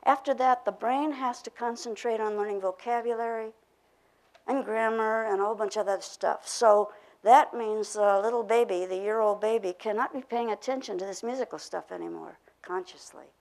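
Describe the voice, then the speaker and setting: Older female workshop presenter, gravelly voice, steady teaching delivery with choral drills. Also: a little high, moderate pace, low-quality recording. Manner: explains concepts with spoken drills and repetition. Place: workshop room.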